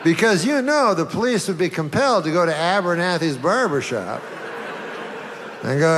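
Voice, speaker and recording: A man telling jokes in a rambling, deadpan way, full of "you know" asides, in stand-up and talk show anecdotes. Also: fairly high pitch, moderate pace, a little hiss or hum. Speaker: comedian.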